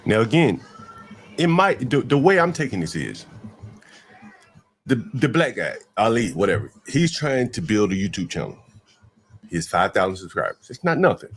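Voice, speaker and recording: Sex: man. Role: commentator. Style: casual reaction commentary. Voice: husky and hoarse-edged, with a widely swinging pitch that rises on emphatic points. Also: sing-song, moderate pace, fairly bright tone. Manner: emphatic, rhetorical asides.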